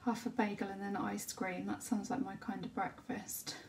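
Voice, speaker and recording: A woman chatting casually during a livestream as she colours, often dropping to a soft murmur. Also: mid-range voice, flat delivery, moderate pace, gravelly. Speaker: colouring channel host. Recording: distant mic with faint background hiss.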